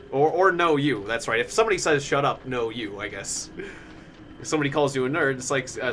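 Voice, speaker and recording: Game streamer, male, animated delivery, rambling and giggly, light hiss in the background. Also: medium pitch, moderate pace, pauses often. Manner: rambling, laughs often, many fillers. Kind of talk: casual live-stream chat while gaming.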